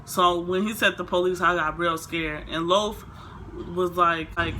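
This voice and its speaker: A woman's voice: lowish voice, a little slow, slight background noise. A young woman vlogger telling a storytime in a casual, rambling way, full of fillers. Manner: rambling, filler-heavy, animated retelling.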